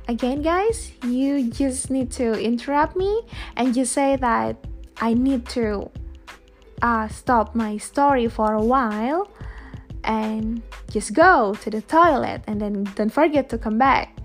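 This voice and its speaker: A woman with a high, bright-sounding voice runs a casual spoken lesson for her podcast. She talks in a chatty, engaging way, often pausing to check in with listeners. Faint music sits under her voice. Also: vocal fry. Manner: chatty, repeats "okay?" to check in with listeners, acts out examples. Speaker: podcast host teaching English.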